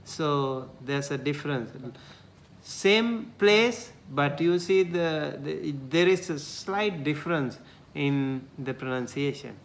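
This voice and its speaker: Slow, patient male language teacher. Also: on the high side, gravelly, slight background noise. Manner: patient, repeats syllables slowly for students. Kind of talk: classroom pronunciation lesson.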